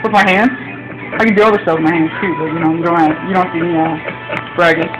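A young man vlogging while playing an arcade coin game, excitable and quick to frustrated shouting and swearing. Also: a little high, highs cut off. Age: teens or young adult. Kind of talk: casual vlog commentary while playing. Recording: loud background music in an arcade.

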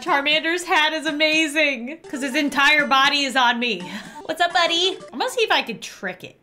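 A woman's voice: high-pitched, pushed and bright, a little hiss or hum. A young woman hosting a casual gaming vlog at home, chatty, giggling and exclaiming often. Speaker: channel host.

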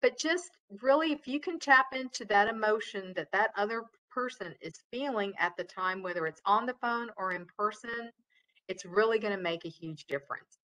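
Chatty bright-voiced woman trainer. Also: medium pitch, moderate pace, low-quality recording. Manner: chatty, loud, many fillers and restarts. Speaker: customer service trainer. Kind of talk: casual webinar lecture.

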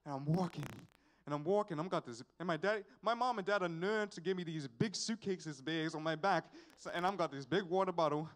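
High-voiced young man testifying. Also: fairly quick. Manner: animated, repetitive storytelling with sighs and asides. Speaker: church member giving a testimony. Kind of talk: storytelling testimony at a worship service. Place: church service.

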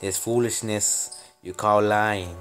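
A man's voice: on the low side, steady tone, slow pace, a bit bright, a little hiss or hum. A young man casually commenting on his building game, playful and rambling, making up silly stories. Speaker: game channel host.

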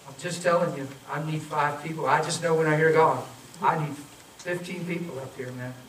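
Guy preaching in an echoey hall, mic kinda far off, voice a bit high, tells stories n acts out the voices. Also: fairly even intonation, fairly quick. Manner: storytelling, acts out quoted voices, urgent then soft pleading. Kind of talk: sermon with altar call. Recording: echoey, from far off, faint noise.

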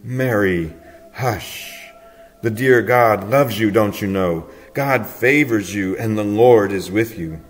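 A man reading a storybook, voicing the angel Gabriel as a gentle male angel who murmurs softly and sometimes sings out high. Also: slow pace, soft background music. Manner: soft murmuring speech, breaks into high singing.

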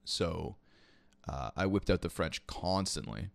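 Speaking slowly in a low, gravelly, animated voice with no echo, a young Québécois man from Canada tells a rambling, casual story. An esports caster and podcast host, he swears freely and keeps filling gaps with "you know" and "like."

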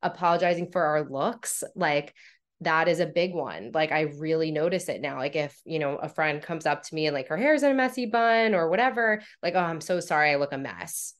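A young woman guest on a podcast, chatting casually and acting out her own inner dialogue in animated stories. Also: low-pitched, moderate pace. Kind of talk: casual conversational storytelling.

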